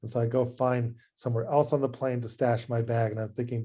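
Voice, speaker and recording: Man, rabbi, lecture over video call, warm dark timbre, chatty storytelling, frequent restarts. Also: mid-range voice, fairly quick. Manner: conversational, animated anecdote telling with frequent restarts. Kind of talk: adult education lecture with storytelling.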